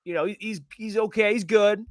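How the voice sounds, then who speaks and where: A man's voice: high voice, fairly even intonation, fairly quick, no room sound, clean studio sound. A man hosting a casual sports podcast, hesitant and self-correcting, laughing often. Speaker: podcast host.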